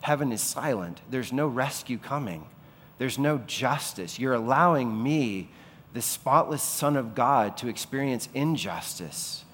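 Male pastor, mid-pitched voice, preaching with rhetorical questions and surging emphasis, echoing through a large church hall. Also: moderate pace. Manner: rhetorical questions, swelling to impassioned peaks. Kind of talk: sermon. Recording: long reverb of a large hall.

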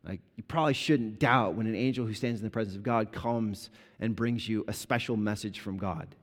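A man preaching a sermon as a pastor, explaining scripture conversationally and bringing the story to life with lively retellings. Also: lowish voice, a little fast. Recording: long reverb of a large hall.

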